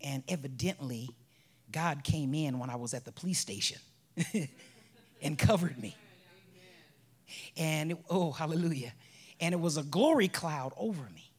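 Husky-voiced woman telling an emotional testimony. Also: deep voice, expressive, measured pace, long pauses. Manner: emotional, drops to soft whispers, breaks into laughs. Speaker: bereaved mother giving testimony. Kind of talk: personal testimony storytelling.

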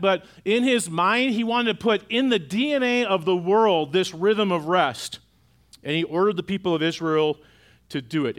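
A man's voice: high-pitched, a bit bright. A middle-aged man preaching a sermon in a church auditorium, in a conversational way that keeps asking the congregation questions. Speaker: pastor.

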